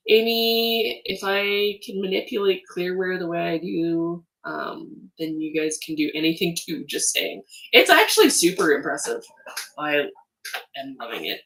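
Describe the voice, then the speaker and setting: A Canadian woman hosting a casual livestream from her home studio, reading viewer comments in a chatty, animated way with frequent laughs and ums. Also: lowish voice, a little slow, vocal fry, recorded from a distance. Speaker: livestream host, artist.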